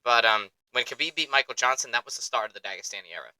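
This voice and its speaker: A young man hosting a sports podcast in an excitable, rambling, profane way, close to the mic. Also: medium pitch, rapid-fire, dry recording, low-quality recording. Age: young adult. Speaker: podcast host. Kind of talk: casual chat.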